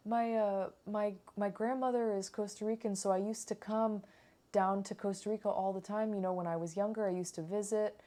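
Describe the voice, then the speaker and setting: A woman putting on the voice of a friendly male restaurant owner of about forty who chats warmly with guests. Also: mid-range voice, fairly even intonation, fairly quick, voice pushed up, close to an everyday voice. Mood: welcoming.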